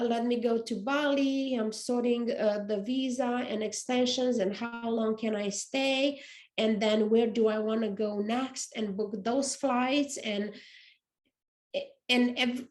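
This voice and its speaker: A middle-aged woman with a non-native English accent, hosting a podcast as a casual motivational monologue, earnest and reflective, often repeating and restarting phrases. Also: fairly high pitch. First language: not English. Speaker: podcast host. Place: apartment.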